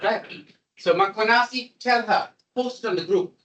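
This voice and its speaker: A man giving a classroom programming lecture, animated and repetitive as he coaxes his students along. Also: sits high, measured pace. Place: lecture room. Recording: voice distant from the mic.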